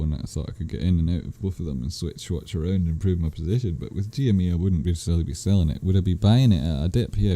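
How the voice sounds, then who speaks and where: A man's voice: deep voice, warm tone. A man hosting a live stream, casually answering viewers' chat questions in a rambling, self-correcting way. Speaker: livestream host answering chat.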